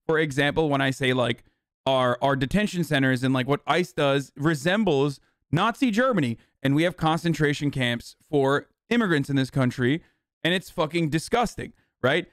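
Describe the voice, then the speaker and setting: A man hosting a live stream, reacting to clips in a fast, profane, rambling way. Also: a little high, dry recording, studio quality. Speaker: streamer host.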